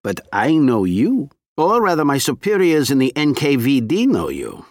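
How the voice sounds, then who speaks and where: A man's voice: mid-range voice, huge pitch swings, moderate pace, a little mellow, dry recording, studio quality, pitched above the performer's own voice. A man voicing a genial, coldly polite male Soviet agent in disguise, in an audiobook reading. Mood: genial menace. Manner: polite, smooth, coldly courteous.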